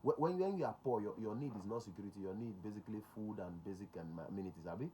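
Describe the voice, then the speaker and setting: A man's voice: on the low side, animated, racing, dark tone, a little hiss or hum. A man with a Nigerian accent, a security consultant hosting a talk show. He speaks emphatically, repeats his key points and slips into Pidgin.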